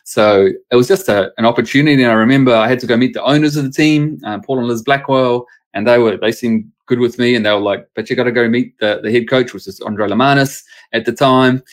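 A man speaks as a pastor and sports chaplain in a relaxed interview. His pitch sits mid-range. He tells stories with animated asides and acts out the voices of people he quotes. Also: fast talker, hardly any pauses. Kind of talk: casual storytelling interview.

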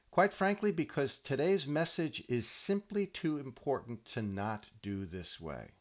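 A man hosting a podcast, giving a deadpan comic monologue with mock-earnest, solemn delivery. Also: on the low side. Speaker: podcast host.

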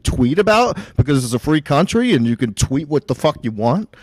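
A man hosting a podcast in loose, casual chat, his voice sitting a little high. He talks bluntly and swears freely. The sound is dry and close, with no room around it. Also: very animated, a little mellow, no room sound, rough recording. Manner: blunt, profane, quick to joke. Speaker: podcast host.

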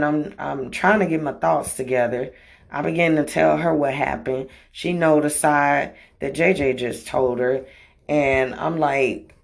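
A woman's voice: a bass voice, gravelly. A woman telling a personal story in a blunt, profane, emotional way. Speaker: storytelling vlogger. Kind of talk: casual storytime monologue.

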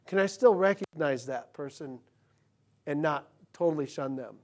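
A male pastor preaches a sermon in church, his voice on the high side and at normal speed. He talks conversationally, swinging from loud emphasis to hushed, quiet passages.

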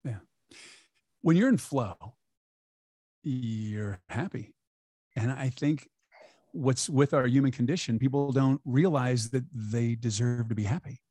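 A man's voice: medium pitch, a little slow, long pauses, dark tone, dry recording. A man talking as an interview guest, upbeat and emphatic, sometimes acting out quoted voices. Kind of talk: conversational interview.

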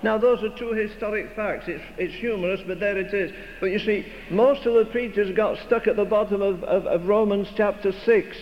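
A man's voice: sits high, normal speed, few pauses. An older man preaching a sermon with emphatic, rhetorical, repeated phrases. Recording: dull recording in a reverberant hall, faint noise.

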